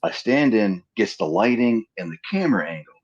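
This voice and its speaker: A man from Pennsylvania telling stories as an interview guest in a casual chat. He acts out the dialogue in his stories with lively voices. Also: lowish voice, brisk, breathy edge, highs cut off. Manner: animated storyteller acting out quoted dialogue.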